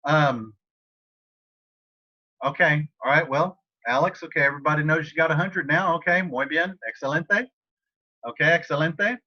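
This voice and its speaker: A man's voice: on the high side, normal speed, long pauses. A man teaching a Spanish class over a video call, talking casually and encouragingly to students by name. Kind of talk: online class tutoring session. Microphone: computer mic on a video call. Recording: slightly dull video call audio.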